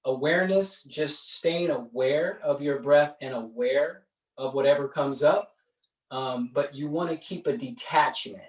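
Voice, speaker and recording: Recorded far from the microphone with a roomy echo, this man's fairly high-pitched voice guides a breathing class slowly. He teaches yoga and meditation and talks conversationally, often asking "right?" to check in.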